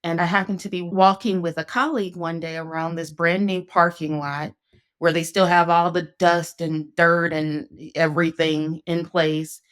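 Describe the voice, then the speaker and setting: A woman's voice: on the low side, fairly even intonation, moderate pace, a bit bright, smooth. A woman hosting a casual conversation, telling her story in an earnest, reflective way. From Northeast Ohio, USA. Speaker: podcast host.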